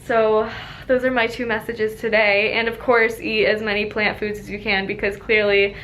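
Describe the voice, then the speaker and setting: A woman's voice: medium pitch, little pitch movement, moderate pace, fairly bright tone, slight background noise. A young adult woman dietitian talking casually and enthusiastically in a vlog from a clinic office. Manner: enthusiastic, upbeat and encouraging.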